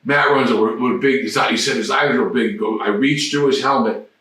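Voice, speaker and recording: A man's voice: mid-range voice, steady tone, brisk, a bit bright. A man in his sixties telling rambling, profane anecdotes as an interview guest. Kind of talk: casual storytelling. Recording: very echoey room, distant mic.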